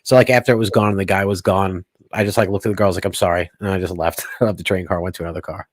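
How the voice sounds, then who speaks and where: A man, co-hosting a podcast, telling crude, profane stories in fast casual chat. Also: low-pitched, steady tone, dry recording, studio quality. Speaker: podcast co-host.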